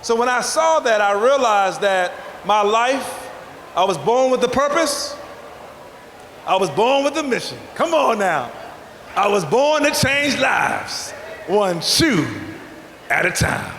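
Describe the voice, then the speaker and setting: A man from the American South works the crowd like a preacher, his voice pitched high and full of call-and-response energy. He speaks in a large indoor hall, and his words ring back with a long, roomy reverb and a faint hiss of noise underneath. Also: very animated, slow, a bit bright. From Southern United States. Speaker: festival speaker, vegan chef. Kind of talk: motivational talk.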